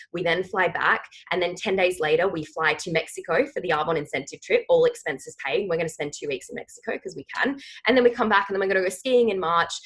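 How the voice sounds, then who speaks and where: A woman's voice: on the low side, fairly bright tone, breathy edge, poor audio. A woman in her thirties leading a team training call, emphatic and rallying, often checking in with "okay?".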